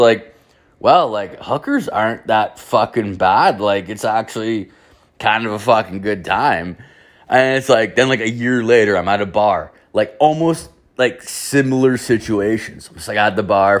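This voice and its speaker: A man's voice: lowish voice, moderate pace. A young man telling a crude personal anecdote in a casual, rambling way, stuffed with filler words and cursing. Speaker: storyteller.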